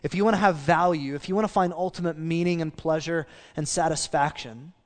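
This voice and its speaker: A man's voice: on the high side, steady tone, fairly quick, in a large hall. A man preaching a sermon as pastor, talking in a casual, conversational way, with restarts and asides.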